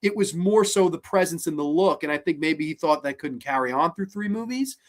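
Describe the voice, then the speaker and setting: A podcast host reviewing films in an animated, profane rant. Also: mid-range voice, a little fast.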